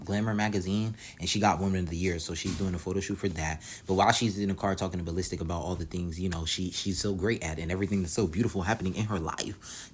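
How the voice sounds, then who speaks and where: A man with a low, deep voice talks through a reality show episode in loose, profane slang. His delivery is relaxed and conversational, like chatting with friends. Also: a little hiss or hum. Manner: slangy, profane, laid-back storytelling. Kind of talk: casual episode recap.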